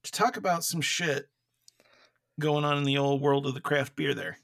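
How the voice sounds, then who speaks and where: A man's voice: on the high side, moderate pace, gravelly, fairly bright tone, dry recording. A man co-hosting a casual beer podcast from home, rambling with lots of fillers and laughs, and coughing from dry air. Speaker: podcast co-host. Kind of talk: casual chat about beer. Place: home room.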